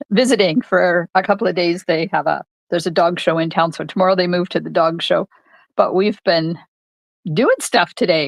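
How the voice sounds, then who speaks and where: A woman's voice: lowish voice, normal speed, vocal fry, dry recording. An older woman hosting a live crafting demonstration from her home craft room, chatting casually and greeting viewers by name. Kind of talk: live-streamed crafting demo.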